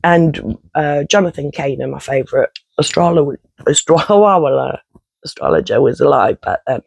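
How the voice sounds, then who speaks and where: A man's voice: fairly high pitch, expressive, a little slow, gravelly, husky, no room sound, rough recording. A man, telling a rambling personal story in casual vlog style, swearing and interrupting himself often. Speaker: vlogger.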